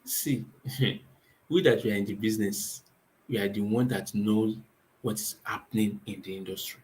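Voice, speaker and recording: A man's voice: fairly low pitch, moderate pace, a little mellow, low-quality recording. A man with a Nigerian accent giving advice as a real estate company owner, emphatic and repetitive, asking rhetorical questions and answering them himself. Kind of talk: spoken advice talk.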